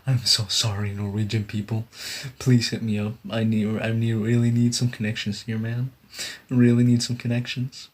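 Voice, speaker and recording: Young man, streamer, casual chat, low voice, slow, rambling with fillers. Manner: rambling, many fillers, laughs at himself. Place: sitting on a bed indoors.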